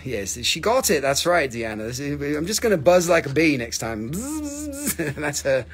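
A man's voice: on the high side, lively intonation, normal speed. A man hosting a live crystal sale, chatting casually with viewers in a joking, teasing way and swearing freely. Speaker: host selling crystals on a livestream. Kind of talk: casual live sales chat.

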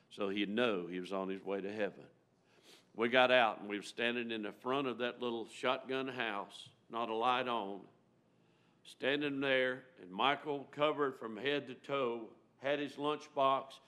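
Man, guest preacher, folksy storytelling sermon, loud-to-hushed swings, church sanctuary, middle pitch. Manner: folksy, emotional, rises loud and drops to near-hush.

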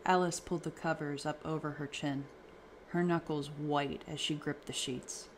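Man reading creepy stories aloud, even and steady. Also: on the high side, normal speed, slight background noise. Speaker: story narrator. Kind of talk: horror story narration.

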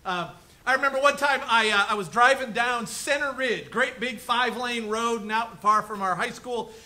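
A man's voice: extremely high pitch, normal speed, pushed and bright, rough recording. A male pastor preaching a conversational sermon in a church room, often checking in with "right?" and "okay?". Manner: chatty, keeps asking "right?" and "okay?".

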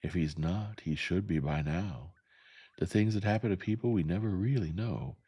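A man reading the part of a sharp-tongued older Southern woman neighbor in a gentle audiobook reading, with a dry, firm, plain-spoken delivery. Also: low-pitched, normal speed, husky.

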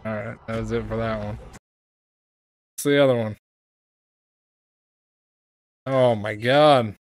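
A man's voice: lowish voice, fairly even intonation, a little slow, soft background music. A man hosting a reaction video, making amused, offhand remarks about gaming clips. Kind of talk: casual reaction commentary.

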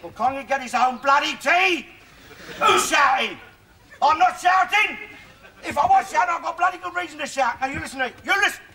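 An actor playing a cantankerous, rude older father in a sitcom, with a blustering, shouting manner. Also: very high-pitched, fast talker, gravelly, exaggerated voice. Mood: grumbling, ranting. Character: cantankerous, bigoted older man, a loud-mouthed father. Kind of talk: sitcom acting. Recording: loud background noise.

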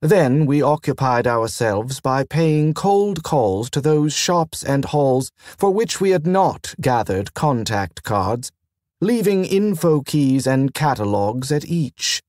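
A man voicing a gentle, formal and tired gentleman in an audiobook, speaking in a measured, precise way. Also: mid-range voice, sing-song, no room sound, clean studio sound. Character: weary, gentle, formal man on a trade tour.

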